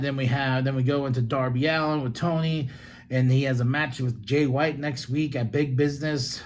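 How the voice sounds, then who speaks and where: A man hosting a solo podcast, recapping a wrestling show in a loose, excitable way with swearing, asides and laughs. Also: mid-range voice, moderate pace. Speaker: podcast host.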